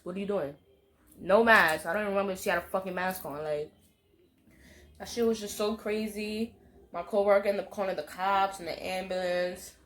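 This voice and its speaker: A young woman tells a story straight to camera. She keeps it animated and salty, with plenty of swearing and street slang. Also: mid-range voice, slight background noise. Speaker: vlogger. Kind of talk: storytime monologue.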